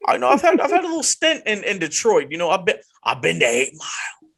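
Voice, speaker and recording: Man, podcast co-host, teasing, mock-indignant, lively swooping voice, bright tone. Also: high voice, fast, gravelly. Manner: animated, teasing, mock-outraged. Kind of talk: casual wrestling podcast banter.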